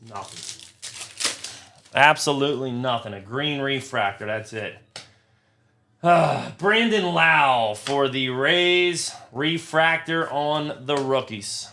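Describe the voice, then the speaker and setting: A man's voice: mid-range voice, animated, slow pace, vocal fry, pushed and bright. Cursing, exasperated man opening trading cards. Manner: profane, frustrated, talks to chat. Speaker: card break host. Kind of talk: live card break stream.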